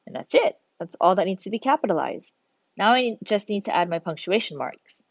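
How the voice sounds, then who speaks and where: A woman's voice: medium pitch, animated, fairly quick, no echo, dull audio. A woman teacher talking through a recorded grammar lesson, patient, step by step, thinking aloud as she works.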